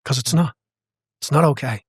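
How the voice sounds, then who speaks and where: A man's voice: fairly high pitch, moderate pace, slightly rough, no echo, studio quality. A man, a boxing coach, talking as a guest in a podcast interview, passionate and emphatic, repeating phrases to drive home his point.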